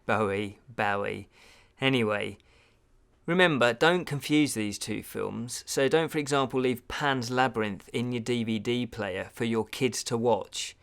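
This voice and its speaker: A man's voice: mid-range voice, unhurried, vocal fry, fairly bright tone, clear, resonant tone. A man giving a casual film review, chatty and digressive with wry asides.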